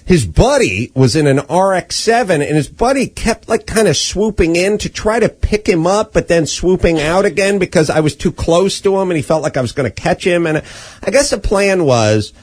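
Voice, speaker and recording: A man's voice: high-pitched, lively intonation, moderate pace. A middle-aged man hosting a podcast, telling a casual story in a wry, profane way and acting out the voices of the people in it. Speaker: podcast host.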